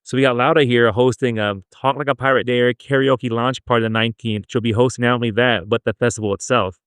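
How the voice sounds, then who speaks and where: Casting: easygoing male podcast host, smooth clear voice, dry close mic. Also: medium pitch, quick pace, no room sound. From El Paso, Texas. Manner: relaxed, chatty, loose with fillers. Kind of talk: casual chat.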